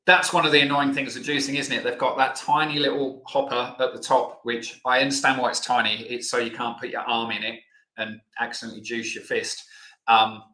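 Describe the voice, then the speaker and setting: Guy doing a live q&a class, rambly and casual, lots of ums, bright tone. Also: medium pitch, fairly even intonation, brisk, reverberant. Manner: chatty, loose, many fillers. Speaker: health educator host. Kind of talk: live online Q&A lesson.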